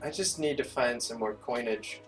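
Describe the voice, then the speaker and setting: A man's voice: medium pitch, moderate pace, fairly bright tone, faint music behind. Rambling, goofy man hosting a game video. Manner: goofy, rambling, trails off mid-sentence. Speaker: channel host. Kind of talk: casual gaming chat.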